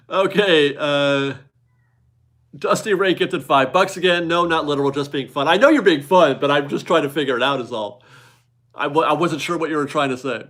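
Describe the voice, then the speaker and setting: A man's voice: a little high, unhurried, long pauses, a bit bright. A man in his forties hosting a casual live stream from his garage, chatty and upbeat as he reads viewer donations aloud and laughs often. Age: 40s. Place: home garage.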